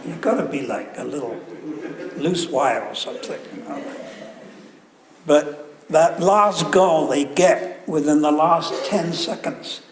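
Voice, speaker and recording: A man's voice: on the high side, animated, slow pace. A man giving a sermon at a temple, telling stories with joking asides in a conversational way. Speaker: visiting guru giving a talk. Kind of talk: sermon with anecdotes. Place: temple hall. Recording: echoey hall, faint room ambience.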